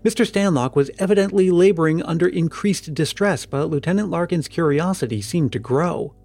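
A man's voice: a little high, creaky, faint music behind. Man narrating an audiobook steadily. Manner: steady, measured storytelling. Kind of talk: scripted narration.

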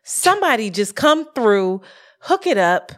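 Fired-up, higher-voiced woman podcaster venting. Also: unhurried. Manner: animated, profane, venting rant. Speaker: podcast co-host. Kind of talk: casual podcast chat. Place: lives in Brooklyn.

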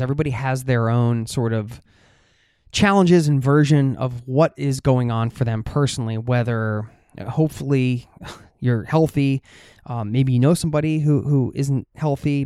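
Guy hosting a travel podcast, earnest and chatty, smooth clear voice, dry close sound. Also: mid-range voice, dark tone, no echo. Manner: earnest, heartfelt, with frequent "uh" fillers. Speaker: podcast host. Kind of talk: casual podcast chat.

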